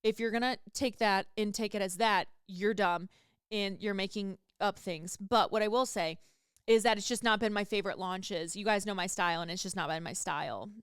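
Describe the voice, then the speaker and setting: A woman's voice: mid-range voice, normal speed, smooth, no room sound, clean studio sound. A woman hosting a podcast, chatting casually and candidly and swearing freely. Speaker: podcast host. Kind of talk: casual chat.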